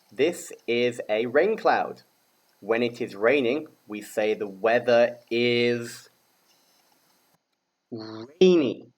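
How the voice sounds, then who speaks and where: Patiently spelling out letters and repeating words for learners to say back, a UK man teaches English grammar with slow, clear classroom delivery. His voice sits in the mid range, and the audio is rough.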